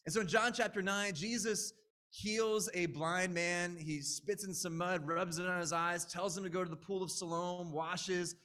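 A man's voice: high voice, fairly even intonation, moderate pace, bright, forceful tone. A man preaching a conversational, earnest sermon as a pastor, with frequent restarts.

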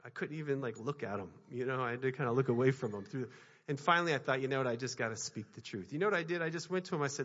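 A man's voice: medium pitch, very fast, a bit bright. A man preaching a sermon, telling a personal story earnestly with repeated phrases and frequent restarts. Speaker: minister. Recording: dull sound with long hall reverb.

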